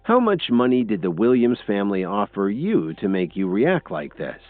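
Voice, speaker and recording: A calm, confident young executive speaks slowly and deliberately in a deep voice, as a male narrator plays him. The sound is thin and phone-like and dry, over faint music. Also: dry recording. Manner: calm and measured, with low deliberate delivery.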